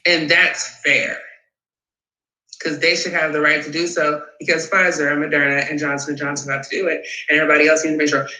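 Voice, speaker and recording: Profane sarcastic guy hosting a talk show, bright edgy voice, echoey room. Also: fairly high pitch, level tone, fairly quick. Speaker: host. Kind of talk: profane political rant and call-in chat.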